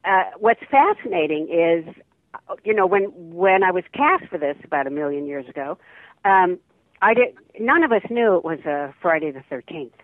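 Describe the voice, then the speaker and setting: A woman's voice: lowish voice, lively intonation, moderate pace, no echo. An older woman, an actress, chatting in an interview over the phone and laughing often. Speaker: actress guest. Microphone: telephone. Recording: tinny dry phone line.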